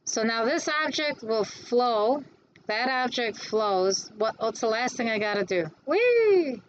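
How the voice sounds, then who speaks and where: A woman instructor giving a classroom lecture on design software, chatty and quick to answer her own questions. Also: fairly high pitch, lo-fi sound, a little hiss or hum.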